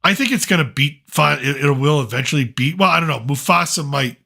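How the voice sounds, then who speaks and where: Gravelly, bright-voiced middle-aged man. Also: on the high side, expressive, fairly quick. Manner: opinionated, rambling, with fillers. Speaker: podcast host, father. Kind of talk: casual chat.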